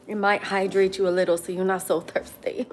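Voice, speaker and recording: Streaming casually from her table at home, this woman reads comments out loud as she eats, laughing frequently and giving blunt answers between bites. Her mid-range voice barely moves in pitch, her pace is fairly quick, and a little hiss or hum sits under it.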